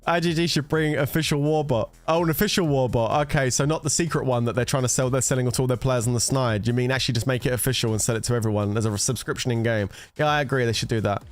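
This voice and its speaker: A man's voice: medium pitch, fast, hardly any pauses, soft background music. A man chatting casually with viewers on a gaming livestream, teasing and bantering with some swearing. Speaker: gaming streamer.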